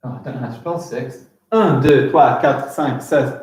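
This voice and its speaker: A young man teaching a live online lesson to young children, with animated and exaggerated pronunciation. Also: medium pitch, normal speed, roomy sound. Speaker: primary school teacher.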